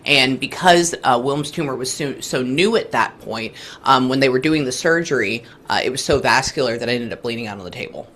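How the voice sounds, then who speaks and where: A woman's voice: very deep voice, animated, a little fast, few pauses, fairly bright tone, slight background noise. A woman in her thirties, a guest medium, telling a reading story and acting out the remembered dialogue of both people. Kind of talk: animated storytelling in conversation.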